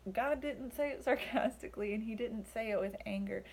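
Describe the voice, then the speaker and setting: A woman's voice: on the high side, a little fast, a little hiss or hum. A young woman giving a casual Bible study talk, chatty and full of fillers, acting out the lines she quotes. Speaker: Bible teacher.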